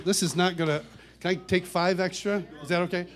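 A man with a somewhat high voice tells a personal story to an audience. He is animated and laughs often. He stumbles and repeats words as he goes. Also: fairly quick, a faint crowd. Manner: animated, laughs often, gets louder and higher as the story builds; restarts and repeats words while telling. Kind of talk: storytelling talk.

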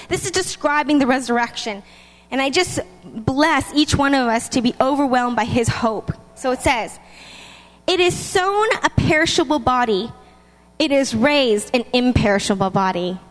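A woman with a high, bright-sounding voice delivers a lively, chatty sermon. Her words carry a long reverb, as if spoken in a large church hall. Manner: lively, chatty, laughs between points. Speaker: preacher.

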